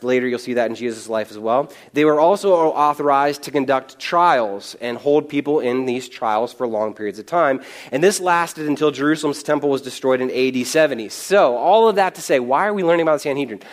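A man preaching a conversational sermon on a Bible passage, animated and casual, with quick asides and chuckles. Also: medium pitch.

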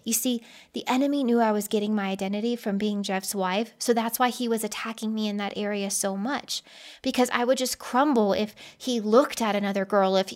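Woman host, mildly high voice, earnest and conversational, shares personal stories on her podcast. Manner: earnest, personal storytelling with frequent "you know".

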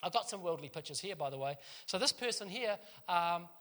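A man preaching a sermon in a church, telling street stories in an animated way and laughing often. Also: high-pitched, brisk.

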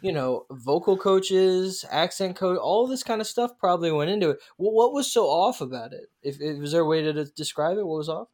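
A man's voice: sits high, fairly quick, hardly any pauses, darkish tone. A man hosting a casual movie discussion, rambling with many fillers and restarts.

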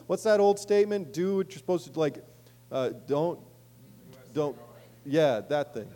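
A man delivers a sermon in a loose, conversational way, slipping into casual asides before swelling with emphasis on key points. His voice sits a bit higher than most men's. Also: animated, measured pace, long pauses, dark tone. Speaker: pastor.

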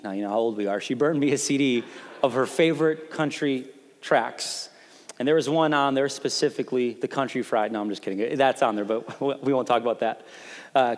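Male pastor, thirties, bright-pitched, animated storytelling sermon, echoing church hall. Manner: animated, playful storytelling with mock quotes. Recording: long hall reverb.

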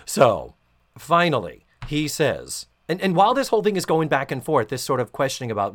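Lively, profane podcast co-host man. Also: on the high side, a little fast. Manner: animated, profane, laughing storyteller. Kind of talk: casual recap chat.

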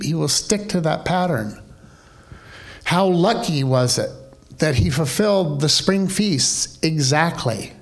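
A man preaching a sermon as pastor, conversational and wry, full of rhetorical questions. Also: on the high side.

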